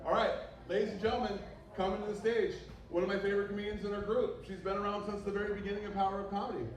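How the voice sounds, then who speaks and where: A man's voice: sits high, flat delivery, racing. A man hosting an open mic comedy night, chatting loosely between acts. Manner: loose, chatty emcee patter. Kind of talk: emceeing a comedy show. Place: bar with live audience. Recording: echoey bar, far from the mic, crowd noise.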